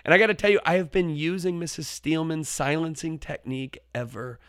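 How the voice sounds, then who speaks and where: A man, a teacher, telling a story about his classroom in an animated way, dropping to a hush for effect. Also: fairly high pitch, a little fast, no echo, studio quality. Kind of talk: storytelling talk.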